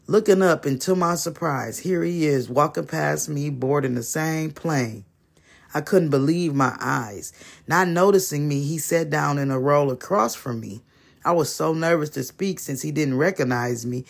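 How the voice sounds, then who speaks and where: A man reading a first-person short story aloud, measured and with dramatic pauses. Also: a little high, vocal fry. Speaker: story reader.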